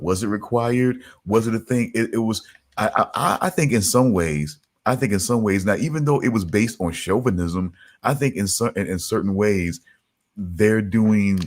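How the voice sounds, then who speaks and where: A man co-hosting a casual podcast chat, talking in a rambling, laid-back way with lots of restarts and repeated words. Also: lowish voice. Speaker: podcast co-host.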